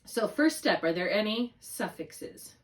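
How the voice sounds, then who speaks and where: A woman's voice: mid-range voice, lively intonation, a little slow, far from the mic. A woman tutoring a student one on one, explaining spelling rules patiently step by step and checking often that it makes sense. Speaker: reading tutor.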